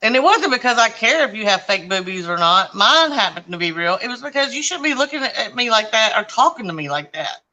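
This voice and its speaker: A woman with a very bright, edgy voice chats casually as host. She tells her stories in an animated way and plays out each quoted line with its own voice. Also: a little high, brisk, hardly any pauses, rough recording. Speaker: channel host. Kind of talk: casual chat.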